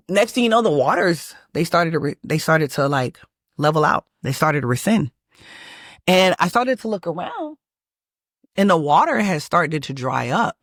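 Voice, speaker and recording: Animated Texan woman telling a story. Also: on the low side, dry recording, clean studio sound. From Texas. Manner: animated, emphatic, lots of restarts and fillers. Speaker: manifestation channel host. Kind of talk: casual personal storytelling.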